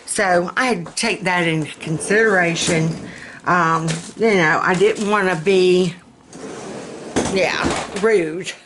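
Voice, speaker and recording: A woman's voice: lowish voice, slow. A middle-aged woman with a Southern US accent talks to her camera in a home kitchen, taking her time over each thought. Her words come out a bit slurred from denture adhesive, and her manner is folksy and chatty. A faint hum of room noise sits behind her. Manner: chatty, folksy, laughs often. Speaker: vlogger. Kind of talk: casual chat.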